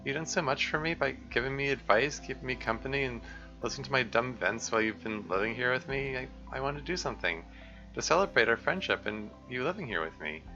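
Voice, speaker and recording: A man voicing the protagonist of a game, an earnest and emotional friend who speaks haltingly and restarts words. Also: mid-range voice, lively intonation, sharp tone, highs cut off, soft background music. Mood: heartfelt.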